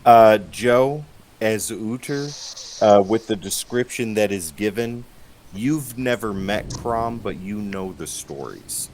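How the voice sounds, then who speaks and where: A man narrating as game master, relaxed and halting. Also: on the low side, a little hiss or hum, poor audio.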